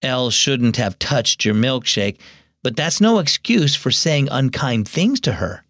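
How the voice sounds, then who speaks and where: A man reading the part of a patient mother who gently teaches her daughter in a radio story. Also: medium pitch, animated, measured pace, no room sound, clean studio sound. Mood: calm. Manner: gentle, instructive.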